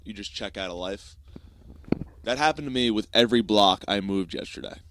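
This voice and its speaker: A man's voice: lowish voice, moderate pace, fairly bright tone, no echo. Profane rambling young American man. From United States. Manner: rambling, profane, self-mocking. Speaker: podcast host. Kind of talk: casual comedic monologue.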